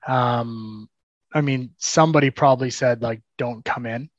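A man in an interview, telling his story haltingly with frequent repeats and a self-deprecating tone. His voice sits at an ordinary pitch. The recording is dry and somewhat dull, like a lo-fi mic. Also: steady tone, dry recording. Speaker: guest.

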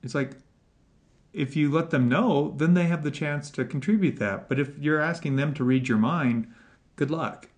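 A man hosting a podcast interview, talking in a relaxed, animated way and laughing often. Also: on the high side, normal speed. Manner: animated, laughs often, puts on voices in quotes. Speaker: podcast host. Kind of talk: casual interview chat.

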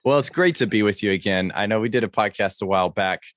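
A man's voice: on the low side, fast talker, no echo. A man hosting a podcast, talking in a friendly, chatty way and introducing his guest. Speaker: podcast host. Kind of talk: casual podcast interview.

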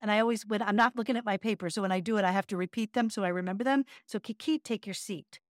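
A middle-aged woman co-hosts a relaxed podcast, explaining a practice in an earnest, chatty way and chanting short syllables. Her voice sits at a middling pitch. The recording is close and completely dry. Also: very fast, no echo. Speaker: podcast co-host and yoga teacher. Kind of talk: casual chat.

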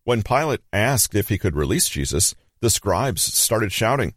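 A man reading a scripted Bible story as narrator, measured and grave, with dramatic pauses. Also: on the low side, very animated, husky, no room sound, studio quality.

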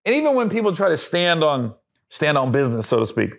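A man's voice: a little high, fast, vocal fry. A comedian telling stories in casual podcast chat, acting out voices and laughing as he goes. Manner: animated storyteller, acts out voices and laughs. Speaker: comedian guest.

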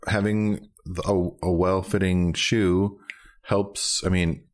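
A man's voice: low-pitched, fairly even intonation, slow pace. A man co-hosting a podcast in casual chat, easygoing and enthusiastic, often hedging with "like".

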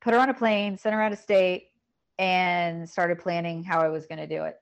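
A middle-aged woman telling a painful personal story in a podcast conversation, emotional and halting, often repeating words. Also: fairly low pitch, steady tone, clean tone. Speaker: podcast guest.

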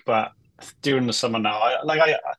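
Man, guest, chatty, joking storyteller, mid-pitched, dry close sound. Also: fairly quick, no echo. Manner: chatty, jokey, animated storytelling. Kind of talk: casual interview chat.

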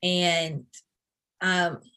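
A woman in her thirties from Atlanta recounts a personal memory in conversation. Her voice sits a little low, and her telling is earnest and reflective, pausing and restarting as she goes. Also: fairly even intonation, pushed and bright, smooth. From Atlanta, USA. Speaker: interview guest.

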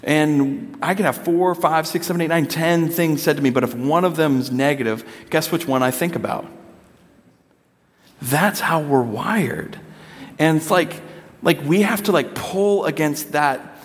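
A pastor in his thirties gives a conversational sermon, slipping into playful voices when he acts out quotes. His voice sits a little high and moves at a measured pace, echoing with long hall reverb.

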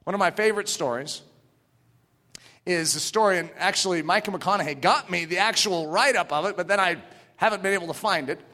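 A man preaching a sermon with passion, rising to shouts and dropping to hushed near-whispers. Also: high-pitched, fairly quick, long reverb tail. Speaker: pastor.

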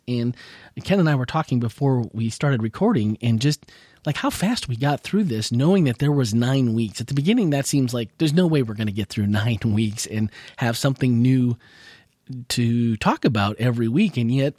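A male podcast host chatting casually while he recovers from losing his voice. He meanders through his thoughts with frequent small laughs and self-corrections, at an ordinary middle pitch. The sound is dry and close, with no room echo. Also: darkish tone. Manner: rambling, self-correcting, chuckles often.

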